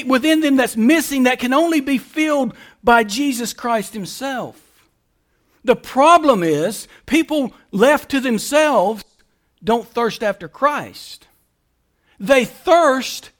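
Delivering a sermon, a pastor with a strikingly high voice preaches emphatically. He alternates hushed, explanatory stretches with loud, elongated calls.

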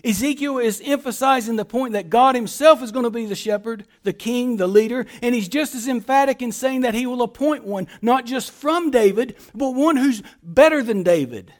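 A male pastor preaching a sermon, reading scripture aloud and explaining it with emphatic rhetorical questions, often dropping to a hushed voice at the ends of phrases. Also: very high voice, moderate pace, few pauses.

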